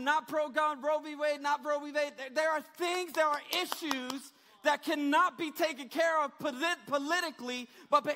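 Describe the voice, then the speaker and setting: Man preaching a sermon, very high voice, bright tone, casual slang, shouted peaks. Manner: retells scripture in casual slang, rises to shouting. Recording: reverberant hall.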